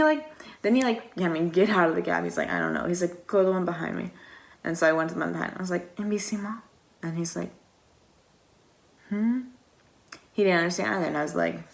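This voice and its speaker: A young woman from the United States telling a long story in a casual, rambling vlog style, with lots of "like" and acted-out quotes. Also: on the low side. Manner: rambling and chatty, heavy use of "like"; acts out quoted exchanges. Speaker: vlogger.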